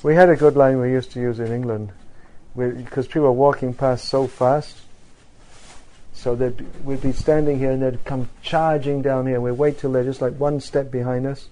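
Mellow-voiced man reminiscing wryly. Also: medium pitch, steady tone, normal speed, low-quality recording. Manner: reminiscing, wry, chuckling. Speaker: devotee recalling street distribution. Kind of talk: casual chat.

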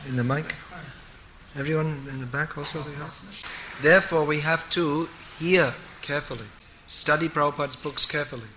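A man giving a sermon, telling stories with humor and lively exhortation to an audience. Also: a little high, normal speed, noisy background. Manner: storytelling, animated and humorous. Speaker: preacher.

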